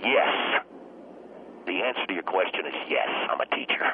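An actor playing a hot-tempered teacher who guests on a talk show, ranting and stammering in loud bursts. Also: male voice, low voice, sing-song, normal speed, narrow, tinny audio, slight background noise. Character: blustering middle-aged male teacher, hot-tempered. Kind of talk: comedic radio talk show sketch.

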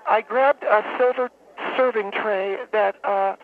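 A woman calling in to a radio show, telling a long story in a halting, rambling, deadpan way. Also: mid-range voice. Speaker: radio caller. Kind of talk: phone-in storytelling. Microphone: telephone. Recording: tinny phone line with faint hiss.

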